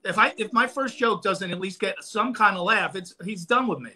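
Speaking at a moderate pace in a high-sitting voice, this man is a guest comedian telling a stand-up story in a podcast studio. He keeps it casual but animated, performing the quoted lines.

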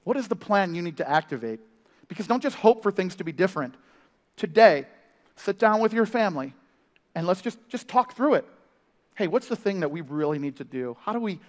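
A male family pastor preaching in a lively, storytelling way, with quick humor and playful impressions. His voice sits high for a man. It rings out with the long reverb of a large hall. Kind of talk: sermon. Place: church. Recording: live sermon in a reverberant hall.

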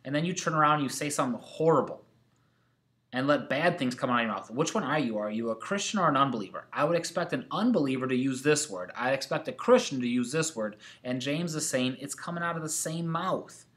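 Male teacher, plain mid-pitched voice, talks a class through a worksheet. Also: expressive, a little fast, a bit bright. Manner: reads scripture aloud, numbering answers. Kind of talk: recorded classroom lesson.

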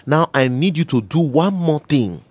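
A woman's voice: sits low, lively intonation, moderate pace, a little mellow, husky, no echo. A woman playing a scheming male phone scammer who poses as a banker, coaxing and stammering when flustered. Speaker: comedy skit actor. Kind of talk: comedy skit acting.

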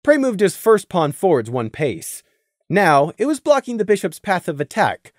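A narrator reading a fan audiobook with expressive storytelling on a close mic. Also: medium pitch, normal speed, dry recording.

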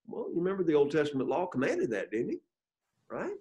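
Fairly high in pitch and a little mellow, this man's voice swings hugely in pitch as he teaches a Bible class at a quick pace. He reads scripture with building emphasis and quizzes the group. The audio is slightly rough.

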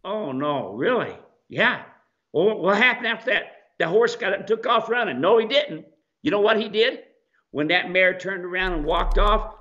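A man hosting an advice show on mule training, talking in a casual, folksy way and acting out quoted voices. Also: high-pitched. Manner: animated, acts out animals and people in quoted asides. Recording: dull lo-fi sound.

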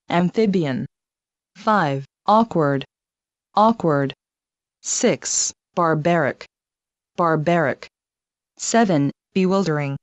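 A woman with a fairly low voice reads a vocabulary list at a very slow, deliberate pace, saying each word twice. The sound is dry and a little dull, like a lo-fi studio recording. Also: dry recording. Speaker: vocabulary reader.

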